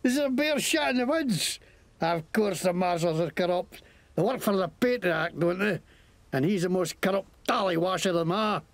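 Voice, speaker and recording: An actor playing a foul-mouthed, resentful Scottish shopkeeper and petty crook in a video game, with a Scottish accent and a gravelly voice. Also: male voice, high voice, moderate pace, no echo. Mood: ranting. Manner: swearing, ranting against the law.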